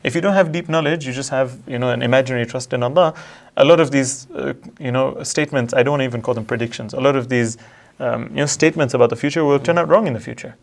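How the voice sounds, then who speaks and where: A man in a religious discussion, quickly reciting Quranic verses in Arabic and then explaining them in English. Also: mid-range voice, vocal fry. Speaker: religious commentator. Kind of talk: discussion analyzing a religious letter.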